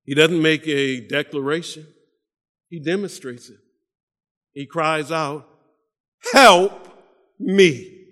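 High-voiced preacher in a reverberant hall. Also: male voice, fairly even intonation, measured pace, long pauses, a bit bright. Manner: preaching with emphatic repetitions and stammered restarts. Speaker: pastor. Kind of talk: sermon.

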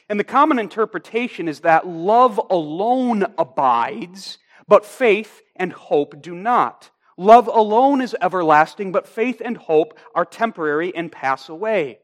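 A man with a high voice delivers a sermon as a pastor. He speaks deliberately and with emphasis, stretching out key phrases to drive his point home.

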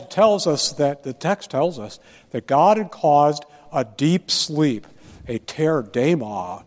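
A man teaching a Bible study lecture, deliberate and posing rhetorical questions to his listeners. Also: on the high side, darkish tone, in a large hall.

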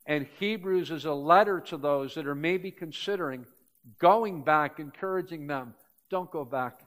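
Preaching to his congregation, an older male pastor with a high, light, fairly bright voice shares everyday stories in a relaxed way. Speaking at a moderate pace, he then drives his points home with mounting emphasis.

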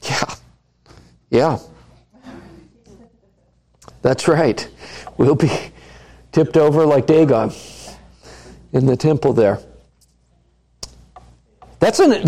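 A man preaching a sermon at an unhurried, measured pace. His voice is warm and mellow, and he keeps putting questions to the congregation and repeating lines for emphasis. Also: medium pitch. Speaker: pastor.

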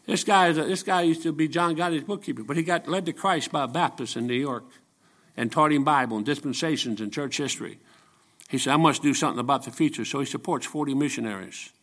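An older man with a drawl preaches a rambling, storytelling sermon full of jokes. His voice is pitched somewhat high and bright. He climbs into loud, shouted peaks. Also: fast. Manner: folksy, jokey, shouts rising to preaching peaks. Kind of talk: folksy sermon with stories.

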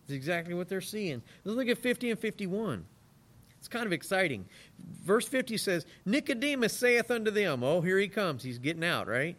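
A man's voice: high-pitched, very animated, normal speed, a bit bright. A man preaching a sermon, reading scripture aloud and acting out the scenes in different voices.

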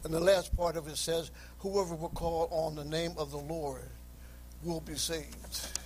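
High-voiced impassioned preacher, man. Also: fairly even intonation, a little slow, a little hiss or hum, poor audio. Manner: impassioned, rising to high shouts; reads scripture aloud in King James wording. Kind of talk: sermon.

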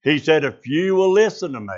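A man's voice: on the high side, expressive, brisk, highs cut off. A man preaching a sermon, fervent and full of "uh" fillers, calling out to his congregation. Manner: fervent, with frequent "uh" fillers and call-outs to the congregation.

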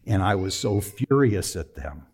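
Low-voiced man preaching a personal story. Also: big pitch swings, a little slow, husky. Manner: personal story told with emotion, swings from quiet to emphatic. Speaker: pastor. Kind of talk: sermon.

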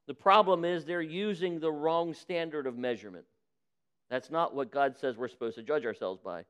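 Pastor preaching with a clear, fairly high voice. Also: male voice, normal speed, a bit bright. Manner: preaching with acted-out quotes of sinners and God; folksy direct address to the congregation. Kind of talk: sermon.

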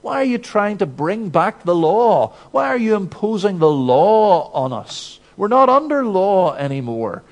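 A man's voice: high-pitched, very animated, unhurried, few pauses, voice pushed up, full character voice. A male preacher mimicking a dismissive churchgoer who scolds others for keeping old rules. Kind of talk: sermon with acted quotes.

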